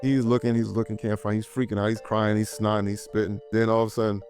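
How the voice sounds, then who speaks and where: A man's voice: on the low side, flat delivery, fast talker, a little mellow, faint music behind. A young man in casual chat, animatedly retelling a horror film's plot and acting out the characters' lines. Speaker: movie podcast co-host. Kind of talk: casual movie breakdown chat.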